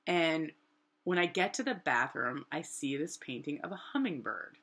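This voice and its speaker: Woman in her 30s, low bright voice, chatty rambling storyteller full of "like"s. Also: normal speed. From New Hampshire, USA. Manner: animated, rambling, many "like" fillers, acts out quotes. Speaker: artist and vlogger. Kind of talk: casual personal storytelling.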